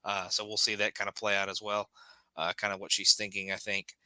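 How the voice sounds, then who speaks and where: A man's voice: lowish voice, flat delivery, fairly quick, sharp tone, clean tone, dry recording, rough recording. A man co-hosting a wrestling podcast, talking in a hesitant way with lots of "uh" and restarts. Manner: hesitant, many fillers and restarts. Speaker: podcast co-host. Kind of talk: casual chat recapping wrestling.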